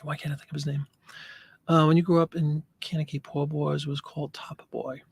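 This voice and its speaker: A man's voice: a little high, little pitch movement, normal speed, vocal fry, breathy edge, no room sound. A man hosting a live stream, chatting casually and answering viewer comments.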